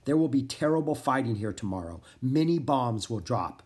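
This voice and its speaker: Man doing a gruff grave farmer. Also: expressive, normal speed, darkish tone, natural voice. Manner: grave, commanding, booming at times. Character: grave older Frenchman, resistance farmer, gruff.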